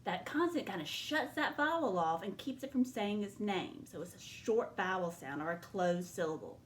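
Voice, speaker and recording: A woman teaching a second grade phonics lesson, slowly sounding out syllables in a clear teacher voice. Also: mid-range voice, lively intonation, echoey room, a little hiss or hum.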